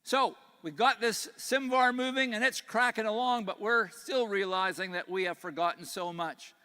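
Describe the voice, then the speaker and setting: A man's voice: high voice, fairly even intonation, moderate pace, clear, resonant tone. An older Canadian man with a slight Texas twang, giving an earnest, folksy keynote speech at a conference. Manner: earnest, folksy, grows quiet on grave points. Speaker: conference speaker. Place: large conference hall. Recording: echoey hall.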